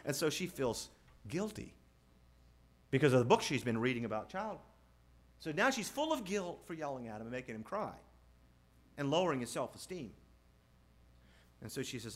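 A man preaching a sermon in an animated way, asking the crowd rhetorical questions and quoting scripture. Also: on the high side, moderate pace, pauses often. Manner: animated, rhetorical questions, mimics family scenes. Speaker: pastor.

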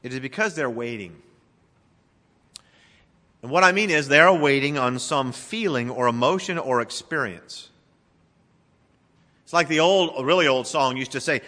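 Male pastor, folksy emphatic preacher, bright tone, recorded in a reverberant church. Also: on the high side, animated, normal speed, long pauses. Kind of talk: sermon.

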